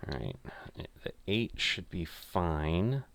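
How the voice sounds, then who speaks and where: A man's voice: low voice, very animated, slow, gravelly, a bit bright, no room sound. An older man muttering casual, self-critical commentary as he plays a golf game. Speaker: gamer playing a golf simulator.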